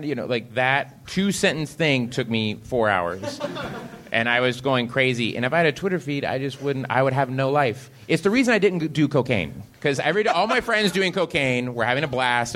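Rambling, laughing man in mid pitch. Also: lively intonation, fairly quick, fairly bright tone. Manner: rambling, laughing, swearing, mimics voices. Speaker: comedic performer on a live panel. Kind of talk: casual stage conversation. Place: live venue with an audience.

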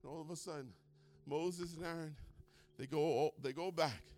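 A man preaching a sermon at a church service, excitable and swinging from hushed talk to shouting as he retells stories. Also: on the high side, normal speed. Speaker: pastor.

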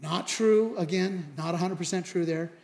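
A man's voice: sits high, moderate pace, a little mellow. A man preaching a sermon, animatedly acting out both sides of the conversations he retells. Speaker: pastor. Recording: long hall reverb.

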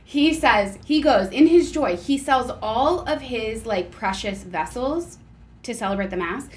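A woman co-hosting a casual chat, an animated storyteller who exclaims often. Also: a little high, a little slow. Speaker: podcast co-host.

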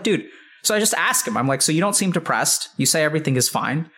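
A man's voice: fairly high pitch, a bit bright, breathy edge. A man in his thirties, a psychiatrist, telling a long story in casual conversation, rambling with lots of "like" and swearing freely. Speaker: psychiatrist, podcast guest.

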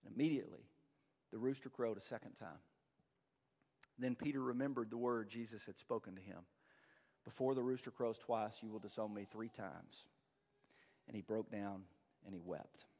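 A man's voice: mid-range voice, darkish tone, long reverb tail. A man preaching a sermon as a pastor, in a conversational, earnest way with many fillers and restarts.

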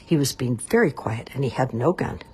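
A woman reading a children's novel aloud in an expressive, measured way. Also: very deep voice, breathy edge. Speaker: storyteller.

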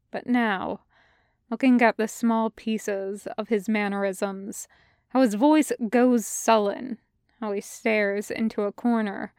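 A woman narrating a fan audiobook in a slow, measured reading. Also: a little high, a little mellow, clean tone, no echo, clean studio sound.

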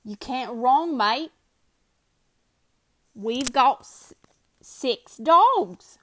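A woman's voice: sits high, very slow, exaggerated voice. A woman voicing a weary, level-headed frontier man who talks in a rustic dialect. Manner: rustic dialect, flat and reasoning.

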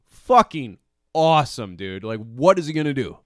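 A young man co-hosting a podcast, excitedly recapping an episode, swearing and laughing often. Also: mid-range voice, moderate pace, dry recording, clean studio sound. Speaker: podcast co-host. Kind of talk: casual chat.

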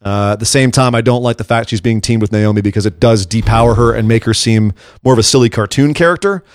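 A man's voice: lowish voice, quick pace, no room sound, studio quality. A man co-hosting a casual wrestling talk podcast, rambling and jokey with a sarcastic edge. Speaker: podcast co-host.

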